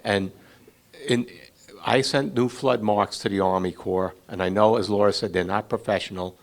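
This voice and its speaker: A middle-aged man with a lowish voice, steady tone and vocal fry speaks at normal speed. Serving on a flood committee, he runs a community Q&A meeting informally and conversationally, calling on residents to speak.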